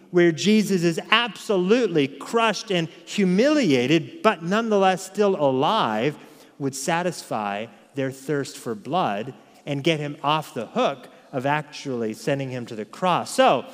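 A man's voice: on the high side, in a large hall. A man preaching an expository sermon, emphatic and full of rhetorical questions. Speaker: pastor.

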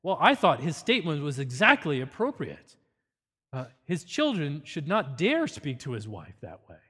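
A man's voice: on the high side, huge pitch swings, moderate pace, sharp tone, slightly rough, long reverb tail. A man giving an earnest, teacherly parenting seminar with a faith focus.

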